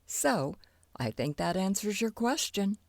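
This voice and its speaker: A woman's voice: medium pitch, big pitch swings, measured pace, gravelly, a little mellow, no room sound, pitched above the performer's own voice. A woman voicing a smug, cruel villainess in a children's storybook, menacing and self-satisfied.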